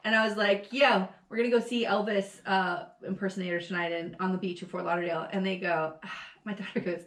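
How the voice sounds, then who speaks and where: A woman in her forties co-hosting a podcast, telling stories in a casual, animated way, laughing often and swearing freely. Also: mid-range voice, fast, roomy sound. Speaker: podcast co-host. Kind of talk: casual chat.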